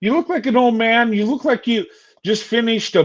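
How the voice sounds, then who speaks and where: A man's voice: extremely high pitch, normal speed, highs cut off. An older man streaming a heated, insulting rant at a rival. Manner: angry, insulting, taunting.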